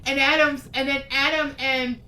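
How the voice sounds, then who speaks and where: A woman's voice: high voice, level tone, normal speed, sharp tone, far from the mic, a little hiss or hum. A woman co-hosting a podcast, giving a blunt, profane movie review in casual chat. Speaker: podcast co-host. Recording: echoey room, off-mic.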